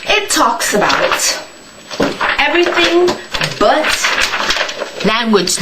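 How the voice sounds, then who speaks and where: A woman ranting on her vlog, sarcastic and mocking, swearing freely. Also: a little high. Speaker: vlogger. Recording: distant mic with background noise.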